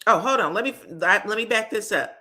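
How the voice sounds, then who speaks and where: Woman, reality tv recap, casual gossip, lively swinging pitch, acts out quotes. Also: moderate pace. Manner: animated, acts out quotes, frank cursing.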